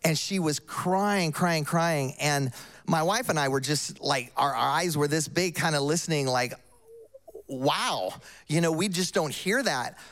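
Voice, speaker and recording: Older man preaching, slightly high voice. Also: a little slow, a bit bright. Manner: conversational storytelling with emphatic asides. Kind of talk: sermon.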